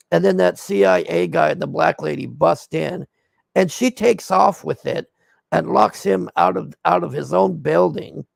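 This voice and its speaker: Brief: gravelly, fairly high male streamer, blunt and cursing, dry close sound. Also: dry recording. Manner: blunt and profane, exasperated. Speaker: streamer reviewing a movie. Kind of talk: casual livestream movie recap.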